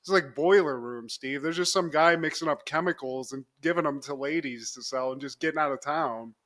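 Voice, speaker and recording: A young man with a high, bright voice cheerfully retells a TV episode for his co-host. He talks in an animated way, laughs often and slips into quick impressions of the characters. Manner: animated storytelling, acts out quotes, laughs often. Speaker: podcast co-host. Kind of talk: casual chat recapping a TV episode.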